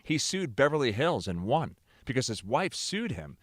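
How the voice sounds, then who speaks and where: A man's voice: medium pitch, sing-song, dry recording, studio quality. A man in casual podcast chat, talking in emphatic, rambling bursts. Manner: emphatic, rambling, talks fast.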